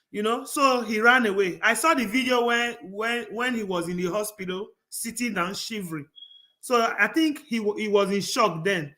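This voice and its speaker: A man with a high voice hosts a casual discussion show. His tone is bright and forceful, and he tells stories earnestly, often stopping and restarting his sentences. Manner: earnest, rambling storyteller with many restarts. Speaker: talk show host.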